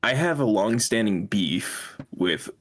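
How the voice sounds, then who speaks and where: A young man with a fairly low voice talks on a podcast in a loose, casual way. He rants with animation and now and then slips into mocking high-pitched voices. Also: slow pace, crowd noise. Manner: animated ranting, mock high-pitched impressions. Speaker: podcast co-host. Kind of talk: casual chat.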